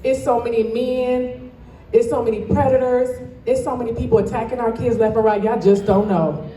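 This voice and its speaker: A woman from Toledo, Ohio, who owns a dance studio addresses a live audience as a guest speaker, giving a passionate, emphatic motivational speech directly to the crowd. Her mellow voice is a little high, with fairly even intonation and normal speed. Recorded from far off in an echoey indoor event hall, there's slight background noise.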